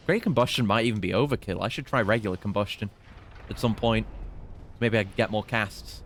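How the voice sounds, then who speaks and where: A man's voice: fairly low pitch, fairly quick, fairly bright tone, a little hiss or hum. Chatty British man streaming a game. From Britain. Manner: chatty, swearing, mock-taunting enemies. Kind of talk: casual gameplay commentary.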